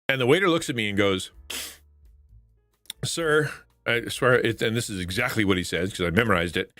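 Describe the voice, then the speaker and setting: A man's voice: on the low side, moderate pace, long pauses, a bit bright, dry recording, faint music behind. A man hosting a live stream, chatting casually with viewers and retelling funny stories, laughing often, with a stuffy nose. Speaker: livestream host.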